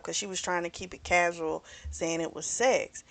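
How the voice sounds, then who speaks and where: A woman's voice: fairly low pitch, steady tone, normal speed. A woman reviewing a book, casually retelling its plot in a candid, rambling way with frequent fillers and self-corrections. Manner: candid and chatty, frank about explicit scenes.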